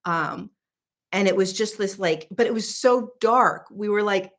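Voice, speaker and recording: A woman spiritual teacher and host telling a casual story in an animated, emphatic, chatty way. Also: medium pitch, unhurried.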